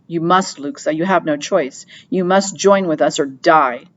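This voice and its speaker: A woman's voice: on the low side, normal speed, dull audio, natural voice. A woman reading an audiobook, voicing a cold young male royal traitor who speaks coldly. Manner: cold with a slight tremor.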